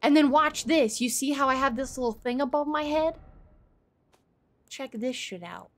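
A woman streamer giving live gameplay commentary, excitable, swearing and laughing as she talks to her chat. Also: high-pitched, moderate pace.

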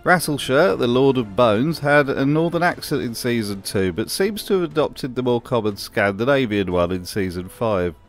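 A man's voice: medium pitch, expressive, normal speed, hardly any pauses, faint music behind. A man narrating a wry commentary voice-over in a dry, sardonic manner. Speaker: video narrator.

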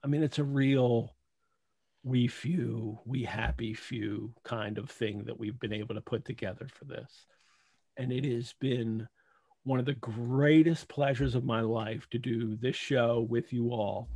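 A man with a gravelly, mid-pitched voice speaks over a video call, recorded dry and close. He is plainly moved, stumbling and restarting as he holds back tears. His tone stays heartfelt throughout. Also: steady tone, warm tone, dry recording. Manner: heartfelt, halting, many restarts. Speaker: host. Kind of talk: emotional closing remarks on a live video call.

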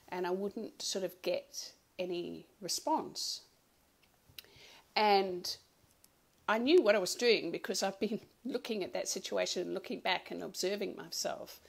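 A woman coach giving a live online workshop talk, chatty and conversational, often laughing and greeting viewers by name. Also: medium pitch. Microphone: home computer mic on a live stream.

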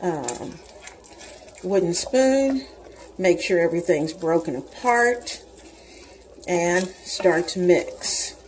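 Older woman, 60s, home cooking host; unhurried, chatty, talks right to the viewer, faint background hiss. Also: lowish voice, expressive, a little mellow, rough recording. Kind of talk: casual cooking demonstration. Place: home kitchen.

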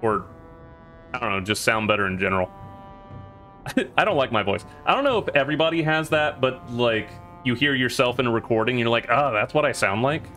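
A man's voice: mid-range voice, animated, brisk, sharp tone. A man casually commenting as he plays a video game on stream, rambling and laughing often. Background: game music.

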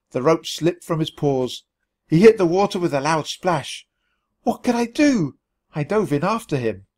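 A man reading a children's storybook aloud for learners, in an expressive, animated way. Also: fairly high pitch. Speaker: storybook reader.

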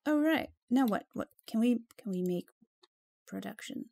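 A woman's voice: on the high side, animated, moderate pace, creaky, dark tone, no room sound, faint music behind. A woman giving casual gameplay commentary, chatty and easily flustered, jumping to exclamations and dropping into whispers when nervous.

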